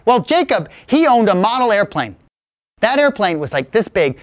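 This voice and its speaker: A man's voice: high voice, big pitch swings, moderate pace, no room sound, clean studio sound. A man telling a playful tall tale from his childhood to a live audience. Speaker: storyteller. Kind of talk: live spoken storytelling.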